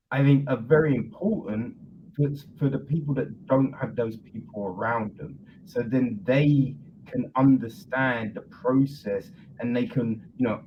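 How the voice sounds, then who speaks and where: Easygoing man, dull slightly noisy audio. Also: medium pitch. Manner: relaxed, conversational, says "you know" a lot. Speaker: podcast host. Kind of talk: casual podcast conversation.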